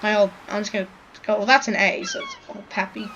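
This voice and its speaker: A woman giving rambling, chatty commentary while playing a farming video game, full of likes and restarts, with loud game music behind her. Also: mid-range voice, wildly swooping pitch, fast talker, a little hiss or hum, rough recording. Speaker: gaming video creator. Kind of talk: let's play commentary.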